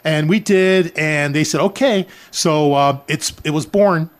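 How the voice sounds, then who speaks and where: A man's voice: on the high side, a little slow, clean tone. An older man, a charity organizer, telling an emotional personal story to listeners, with many "uh" fillers. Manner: addresses listeners as folks, frequent uh fillers.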